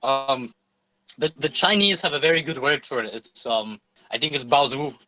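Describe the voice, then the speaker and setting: A young man as a guest in a casual livestream chat, opinionated and halting, with repeated words. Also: mid-range voice, poor audio.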